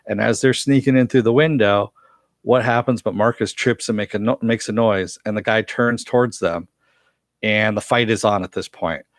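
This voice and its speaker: A man with a fairly low voice, talking through a TV episode in a loose, chatty recap. He chuckles often and leans on fillers as he retells the scenes. The sound is dry and close, with no room around it. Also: normal speed, no echo. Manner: chatty, laughs often, frequent uh fillers while recounting scenes. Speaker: TV episode reviewer. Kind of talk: casual spoken recap and review.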